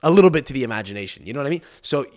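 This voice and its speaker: A man's voice: mid-range voice, lively intonation, rapid-fire, a little mellow. A young man hosting a podcast, ranting in a frantic, rambling and profane way. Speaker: podcast host. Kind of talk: solo podcast rant.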